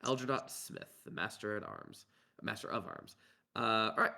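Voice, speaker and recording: A man running a tabletop game as game master, talking in a halting way full of filler words. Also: fairly low pitch, wildly swooping pitch, vocal fry, bright, forceful tone.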